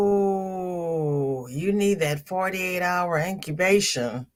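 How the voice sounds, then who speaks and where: An older woman hosting a crochet livestream, chatting casually, greeting viewers by name and repeating phrases for emphasis. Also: lowish voice. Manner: chatty, reads viewer comments aloud and greets each viewer.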